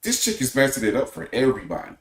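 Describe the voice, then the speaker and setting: A man co-hosting a podcast, talking in a measured, opinionated way and posing questions. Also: medium pitch, wildly swooping pitch, echoey room. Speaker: podcast co-host. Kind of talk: casual podcast chat.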